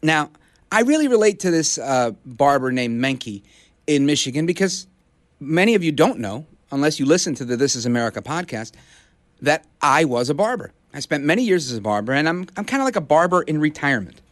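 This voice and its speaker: A man's voice: on the high side, big pitch swings, a little fast, no room sound. A middle-aged man from Brooklyn hosting a conservative talk radio show, delivering an impassioned, rallying monologue. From Brooklyn, New York. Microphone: studio broadcast mic.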